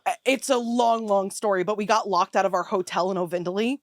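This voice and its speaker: A woman's voice: medium pitch, fairly quick, no echo. A woman guest in casual chat, bubbly and laughing often. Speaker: podcast guest.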